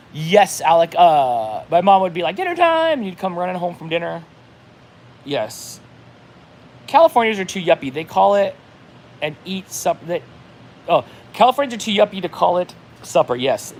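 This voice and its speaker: A man chats loosely on his livestream, stringing thoughts together with constant fillers and reading out viewer comments. His voice sits a bit high and swings widely in pitch. A faint hiss runs underneath. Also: animated, normal speed. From New England. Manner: rambling, lots of "like", reads chat aloud. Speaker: livestream host. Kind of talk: casual livestream chat.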